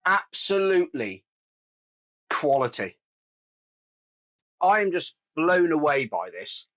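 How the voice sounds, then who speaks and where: Man, casual review host, enthusiastic, slightly higher voice. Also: big pitch swings, takes it slowly, long pauses, a bit bright. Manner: enthusiastic, gushing. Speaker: beer reviewer.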